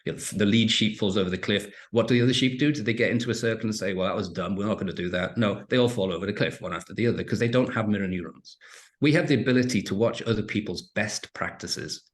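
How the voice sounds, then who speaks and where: Deep-voiced man telling stories animatedly. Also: fast. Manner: animated storytelling with frequent restarts. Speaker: interview guest, entrepreneur and author. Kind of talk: casual podcast interview.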